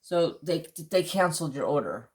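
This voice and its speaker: A woman's voice: sits low, very animated, moderate pace. A woman recounting a store clerk explaining a mix-up. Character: apologetic female grocery store worker.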